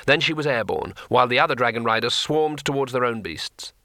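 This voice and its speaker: A man narrates a comic fantasy audiobook with a bright, forceful voice. His storytelling is expressive and crisp, with a dry, close sound and no room around it. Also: mid-range voice, brisk, dry recording. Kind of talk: audiobook reading.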